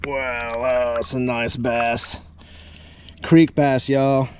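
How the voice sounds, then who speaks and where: A man, excitedly narrating his creek fishing trip to viewers. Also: medium pitch, drawn-out words, a little hiss or hum. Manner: excited, drawling exclamations to viewers. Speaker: fishing vlogger. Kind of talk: casual outdoor commentary.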